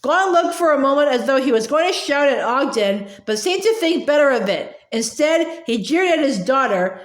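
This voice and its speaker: A woman reading a novel aloud, who often stumbles, restarts words and pauses with long 'uh' sounds, in an echoey room. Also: sits high, expressive. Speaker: audiobook reader.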